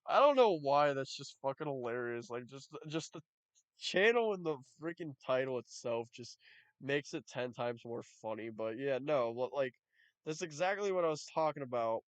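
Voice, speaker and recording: A man's voice: mid-range voice, expressive, moderate pace, clean tone, no room sound. A man giving reaction commentary, talking in a profane, mocking and exasperated way. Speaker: YouTube commentator.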